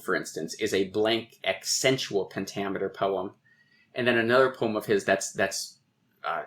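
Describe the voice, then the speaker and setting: Middle-aged guy w/ lowish voice, lecturing on a podcast, lots of restarts and ums. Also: fairly bright tone. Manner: professorial, thinking aloud with restarts. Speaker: poet and guest. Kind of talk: podcast interview, explaining.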